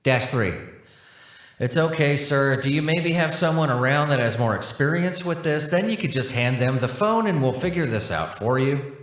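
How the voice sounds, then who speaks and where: A man voicing a bored, weary non-human support agent who talks in a flat, procedural way. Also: a little high, moderate pace. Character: bored, sour male cosmic support agent. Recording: roomy echo.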